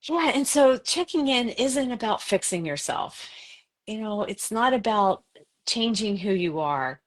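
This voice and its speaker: A woman author joining over a video call as a guest, speaking in a calm, earnest and gentle way about wellness. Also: on the high side, unhurried. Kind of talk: reflective wellness talk.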